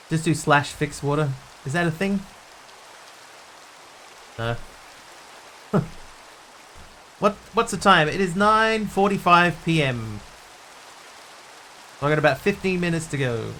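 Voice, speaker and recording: A man streaming a building game, talking through what he does and answering questions from viewers in a relaxed, casual way. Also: on the high side, takes it slowly, pauses often, slight background noise. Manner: thinks aloud while building, answering viewers' chat.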